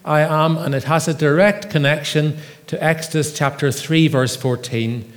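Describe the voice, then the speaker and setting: A man preaching a sermon in an earnest, measured way, with emphatic readings from Scripture. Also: on the high side. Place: church. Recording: long reverb of a church hall.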